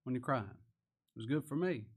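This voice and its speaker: A man preaching a sermon as pastor, folksy and humorous, swinging between soft, quiet lines and loud, rising emphasis. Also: medium pitch, lively intonation, a little fast, breathy edge.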